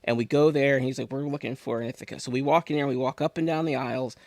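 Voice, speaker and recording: A man from Pennsylvania telling a rambling, animated story as a podcast guest, full of restarts. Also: mid-range voice, very fast, no room sound, studio quality. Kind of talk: casual storytelling.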